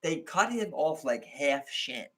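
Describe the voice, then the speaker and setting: A man with a Baltimore accent chatting on a podcast, his voice sitting a little high. He tells stories in loose street slang and jumps into the voices of the people he is talking about. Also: takes it slowly. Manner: animated storyteller, slangy, acts out quotes. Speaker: podcast co-host. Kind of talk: casual chat.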